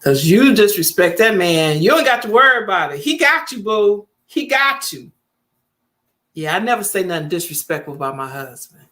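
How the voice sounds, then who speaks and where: With big swings in pitch around a medium register, a fairly bright tone, and a normal speed, a woman in her 50s vlogs to camera. She chats emphatically, restates her points, and performs quoted lines from family members in her casual storytelling.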